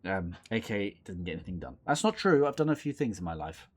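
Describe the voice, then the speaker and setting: A man's voice: low-pitched, very animated, fast talker, slightly rough. A young man casually commentating and reading aloud a horror game, playful and rambling, often mocking himself. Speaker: let's play host.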